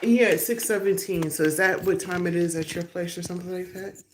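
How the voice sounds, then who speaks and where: A woman's voice: lowish voice, brisk, slight background noise. A middle-aged woman hosting a casual live stream on her phone, chatting loosely with viewers and laughing often. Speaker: livestream host. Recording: roomy echo.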